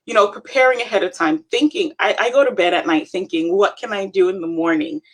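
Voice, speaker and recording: A woman's voice: mid-range voice, a little fast. A woman co-hosting a live stream, coaching viewers in an encouraging, chatty way. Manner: encouraging, addresses viewers as "you guys". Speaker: co-host, Avon representative.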